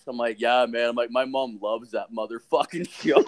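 A young man from Ontario, Canada hosts a podcast, spinning a rambling story in casual chat and swearing constantly. His mid-range voice moves at a moderate pace with hardly any pauses, and he tells it as a profane, animated storyteller.

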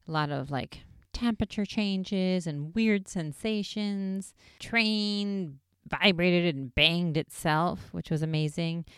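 A woman casually recapping an episode in a chatty, excitable way, full of "like" fillers. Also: low-pitched, clear, resonant tone, no room sound, studio quality.

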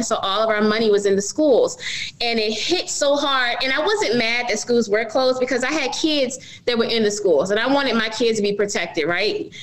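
A middle-aged businesswoman speaks with a fairly high voice, earnest and candid as she tells her story in an interview. She often turns to her listeners and calls them y'all. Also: poor audio. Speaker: business owner, guest.

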